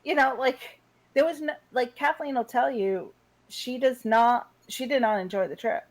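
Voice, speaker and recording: A woman in her forties co-hosts a radio talk show, recounting a story in brisk, casual chat. Her voice sits a little high and moves along at an easy conversational clip. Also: poor audio. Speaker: radio co-host.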